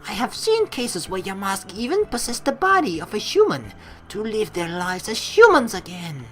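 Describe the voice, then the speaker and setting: A woman's voice: mid-range voice, voice pushed up. A woman voicing a theatrical female ghost-class teacher with a put-on mock French accent, flowery and melodramatic.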